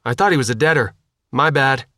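A woman's voice: very deep voice, brisk, bright, forceful tone, dry recording, clean studio sound. A man voicing a tough young woman soldier in an audiobook, blunt and commanding. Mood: brisk orders. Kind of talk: audiobook character voice.

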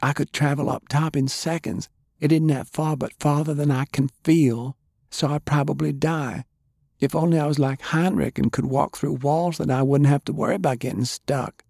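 An anxious young girl with magic powers speaks softly and earnestly, as a man reading an audiobook puts her on. Her voice sits well above his own deep register. A gravelly, husky edge still shows through. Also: fairly even intonation, moderate pace, no room sound, clean studio sound. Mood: worried.

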